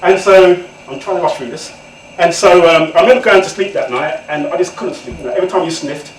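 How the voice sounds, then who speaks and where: A man, an author telling comic stories to an audience in an animated way and laughing often. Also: on the high side, fast. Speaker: author, guest speaker. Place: event room indoors. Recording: echoey room from far off, noisy.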